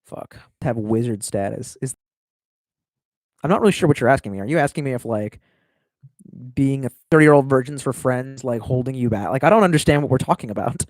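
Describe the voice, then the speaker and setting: A man's voice: medium pitch, a little fast, darkish tone, dry recording, clean studio sound. A man in his thirties chatting casually on a live stream, reading viewer comments and rambling with lots of swearing and self-mockery. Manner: profane, rambling, self-mocking.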